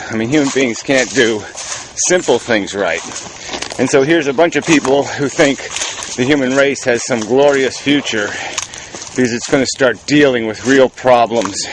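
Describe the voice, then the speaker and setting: A man from New England talks in a cynical, profane ramble, full of ums and restarts. His voice sits in an ordinary middle pitch. He is recorded outdoors in a rural spot, with clear background noise behind him. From New England, United States. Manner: cynical, profane, halting with many fillers. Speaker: video blogger. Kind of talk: rambling casual monologue.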